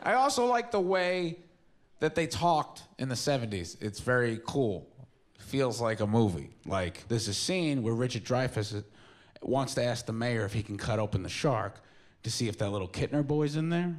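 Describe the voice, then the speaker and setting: Animated young male stand-up comic. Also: medium pitch, normal speed. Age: 20s. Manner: casual, rambling, self-mocking. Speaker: stand-up comedian. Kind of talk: stand-up comedy set. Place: comedy club stage.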